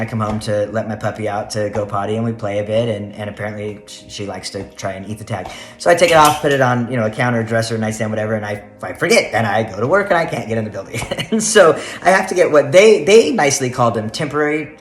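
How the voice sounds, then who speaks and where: A man's voice: medium pitch, fast talker, a little hiss or hum. A man telling a story to the camera in a casual vlog, chatty and laughing often as he rambles. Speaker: vlogger. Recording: roomy echo, faint music.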